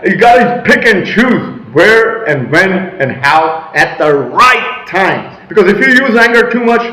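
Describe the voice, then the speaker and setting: Emphatic man vlogging in an echoey room. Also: high voice. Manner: emphatic, rambling, shifts into loud assertive bursts. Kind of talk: motivational monologue.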